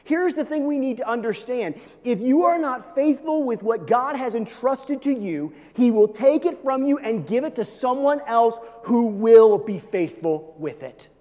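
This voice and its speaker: A man preaching a sermon to his church, swinging between loud, urgent peaks and soft, low asides. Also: animated, measured pace, few pauses. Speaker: pastor. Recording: long reverb of a large hall.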